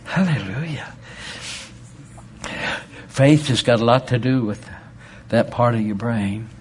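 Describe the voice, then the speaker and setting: Fervent preacher man, loud to hushed. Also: medium pitch, fairly even intonation, moderate pace, a little hiss or hum. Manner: fervent, shifts from loud exclamations to hushed storytelling. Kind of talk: sermon.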